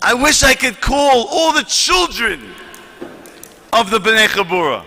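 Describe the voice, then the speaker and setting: A man giving an impassioned speech to a conference audience, often rising to shouts as he reads letters aloud. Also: very high voice, very animated, unhurried, in a large hall. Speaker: conference speaker.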